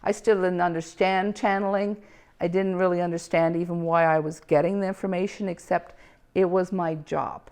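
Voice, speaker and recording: Woman, gravelly, animated storyteller who plays out the dialogue. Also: on the low side, moderate pace. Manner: animated, acts out quoted dialogue, frequent laughs. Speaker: speaker telling her own story. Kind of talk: casual personal storytelling.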